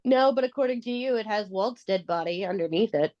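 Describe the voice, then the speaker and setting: A woman's voice: mid-range voice, lively intonation, a little fast, darkish tone, no room sound. A woman co-hosting a comedy podcast, firing off wry, stubborn one-liners. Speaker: podcast co-host. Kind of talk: casual comedic chat. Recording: dull lo-fi sound.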